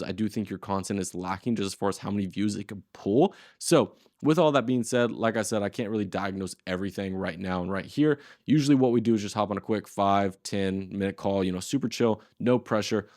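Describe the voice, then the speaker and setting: A man's voice: fairly low pitch, a little mellow, dry recording, clean studio sound. A man in his twenties teaching a casual tutorial, talking in a loose, slangy and blunt way. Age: 20s. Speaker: course host.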